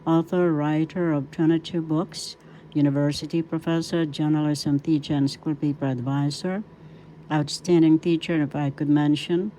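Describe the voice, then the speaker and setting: An older woman with a Filipino accent teaching a video language lesson, breaking words slowly into syllables. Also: deep voice, fairly even intonation, mellow, slight background noise, poor audio. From Philippines. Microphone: webcam or phone camera.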